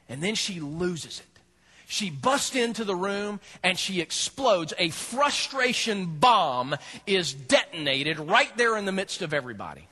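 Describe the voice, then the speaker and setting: A male pastor preaching a sermon, animated and humorous as he tells the story. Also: sits high, slightly rough.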